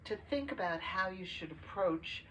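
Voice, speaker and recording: An older woman co-hosting a podcast, telling a family story in casual chat with pauses and filler words. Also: medium pitch, lively intonation. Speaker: podcast co-host. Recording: distant mic with faint noise.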